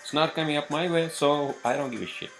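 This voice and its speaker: A man's voice: fairly high pitch, fast, music in the background. A man hosting a solo podcast, rambling off-script with lots of cursing, fillers and restarts. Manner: profane, meandering, lots of fillers. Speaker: podcast host.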